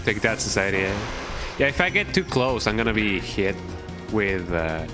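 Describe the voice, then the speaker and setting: A man's voice: lowish voice, very animated, moderate pace, over music. A man streaming a video game, chatting in a rambling, jokey way that trails off with "you know". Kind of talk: casual live-stream commentary.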